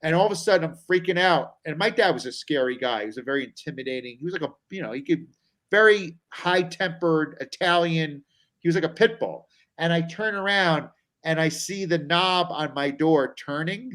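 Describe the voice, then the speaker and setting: A middle-aged man on a talk show, spinning a personal story with an animated delivery. His voice sits a bit high, and he slips into other people's voices when he quotes them. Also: normal speed, rough recording. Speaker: comedian guest.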